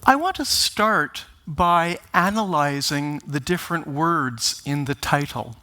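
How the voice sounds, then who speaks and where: Slow, deliberate, bright-toned male speaker. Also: a little high, lively intonation. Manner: deliberate, emphatic, wry joking. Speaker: conference speaker. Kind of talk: conference keynote talk. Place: conference stage.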